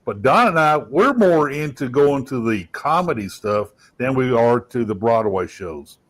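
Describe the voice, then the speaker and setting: Relaxed man in a casual chat. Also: mid-range voice, a little slow. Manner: relaxed, chatty, frequent uh fillers.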